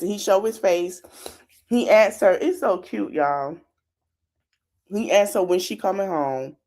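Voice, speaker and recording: A woman's voice: medium pitch, darkish tone. Chatty woman podcaster recapping a show. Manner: chatty, talks straight to her listeners. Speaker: podcast host. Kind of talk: casual reality-show recap.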